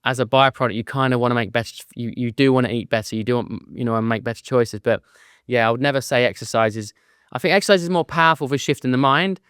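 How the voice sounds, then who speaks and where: An English man speaking as a guest in an interview, earnest and candid about feeling low. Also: quick pace, a bit bright, clear, resonant tone, no room sound, clean studio sound.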